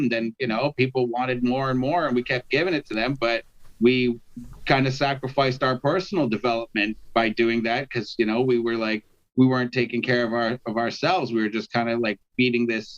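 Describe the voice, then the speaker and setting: A man's voice: mid-range voice, fairly even intonation, fairly quick. A man from Canada, a rapper guest, telling stories in a rambling, filler-heavy casual interview over a video call. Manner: rambling storyteller, many fillers. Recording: dull lo-fi video call audio.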